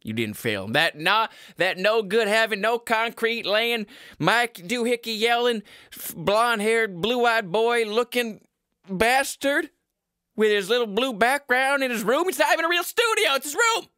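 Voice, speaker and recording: A man's voice: fairly high pitch, animated, takes it slowly, long pauses, pushed and bright, no echo, studio quality, full character voice. A man voicing a stern old-fashioned father who scolds bluntly with folksy rural phrasing. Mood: ranting.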